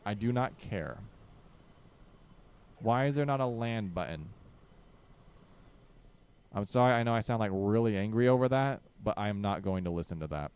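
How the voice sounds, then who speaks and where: A man's voice: lowish voice, expressive, moderate pace, pauses often, a little mellow, clean tone. A young man giving casual commentary while playing a strategy game, barking orders at his units and grumbling with joking exasperation. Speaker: gaming channel host.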